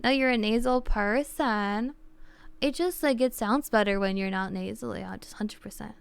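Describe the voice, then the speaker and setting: A woman's voice: medium pitch, normal speed, creaky, clear, resonant tone. A young woman streaming live, chatting casually with viewers and explaining things in a rambling way full of "like" and restarts.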